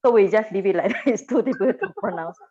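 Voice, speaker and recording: A woman's voice: mid-range voice, expressive, fast talker, mellow, lo-fi sound, slight background noise. A woman teacher, leading a classroom pronunciation lesson and patiently repeating sounds for her class to echo.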